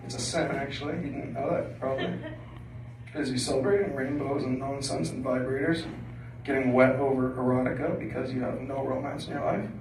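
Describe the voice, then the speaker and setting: A man's voice: mid-range voice, steady tone, fairly quick, noisy background. A man performing a crude, rambling stand-up set in a small basement room. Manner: crude, rambling, filler-heavy delivery. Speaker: stand-up comedian. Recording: echoey room from a distant mic.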